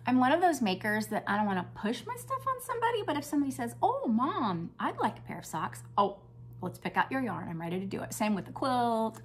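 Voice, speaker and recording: An older woman hosting a crafting vlog, chatting enthusiastically as she shows off her projects and sometimes dropping to a hush. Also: a little high, very animated, fast talker, a little hiss or hum. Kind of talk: casual show-and-tell chat.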